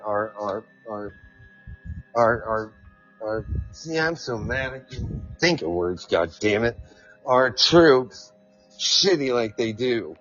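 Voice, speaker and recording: A man's voice: mid-range voice, a bit bright. A man hosting a rambling solo podcast, reading and ranting with profane, sarcastic, self-mocking asides, recorded at his workplace. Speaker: podcast host. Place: at work, fielding coworkers. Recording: dull lo-fi recording with faint music.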